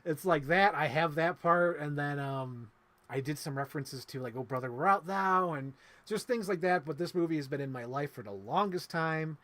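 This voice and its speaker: His voice sits fairly high with a touch of brightness, and he keeps a moderate pace. As one of the co-hosts of a film review talk show, he rambles emotionally through casual movie chat, leaning heavily on fillers.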